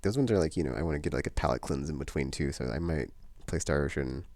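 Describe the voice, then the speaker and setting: A man's voice: very deep voice, fast, a little mellow, no room sound. A man vlogging in a casual, meandering chat, full of fillers and restarts.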